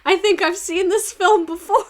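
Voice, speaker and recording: A woman mockingly voicing a careless, smug older male president in a breezy, dismissive tone, her voice pushed higher and louder than her usual talk. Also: fairly even intonation, moderate pace. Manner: breezy, dismissive, mock-cheerful.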